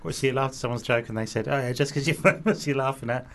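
A man co-hosts a casual chat, cutting in with quick, teasing remarks. He talks fast in a mid-range pitch. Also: steady tone, a bit bright, a little hiss or hum.

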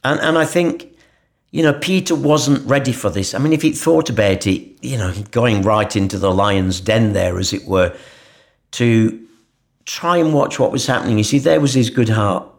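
A man's voice: medium pitch, normal speed, gravelly. A man speaking earnestly in a conversational Bible reflection, full of rhetorical asides. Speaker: co-presenter of a Bible podcast. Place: church in Jerusalem.

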